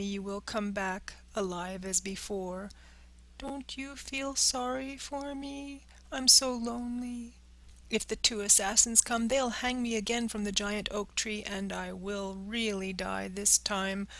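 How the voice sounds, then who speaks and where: A grieving, impulsive puppet boy from a storybook, speaking in a high, pleading, tearful voice at a slow pace, as a woman narrator puts him on. His lines come slowly, one cry after another, each one lifted well above her usual reading voice. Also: expressive, fairly bright tone, heavily acted. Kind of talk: audiobook character voice.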